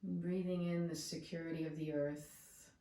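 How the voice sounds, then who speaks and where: A woman yoga teacher leading a guided breathing meditation with slow, soothing cues. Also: sits low, little pitch movement, warm tone, far from the mic. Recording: echoey room, away from the mic.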